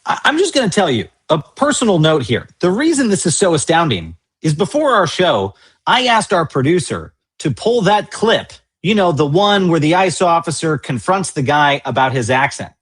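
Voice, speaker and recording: A man's voice: fairly high pitch, sing-song, moderate pace, a bit bright, slightly rough. A man hosting a political news show, delivering indignant commentary with emphatic, repeated rhetorical lines.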